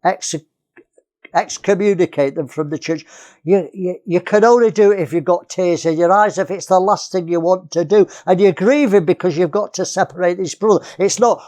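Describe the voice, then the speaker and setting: A man's voice: high-pitched, moderate pace, a little mellow. Earnest man preaching a sermon. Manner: earnest, repeats key phrases, many restarts.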